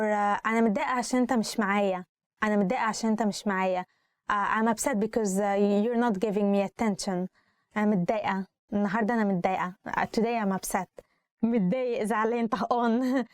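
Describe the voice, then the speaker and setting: A woman's voice: mid-range voice, darkish tone, no room sound. A woman with an Egyptian accent teaching everyday phrases in a casual lesson, repeating each one and then explaining it with plenty of fillers. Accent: Egyptian Arabic. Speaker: language teacher.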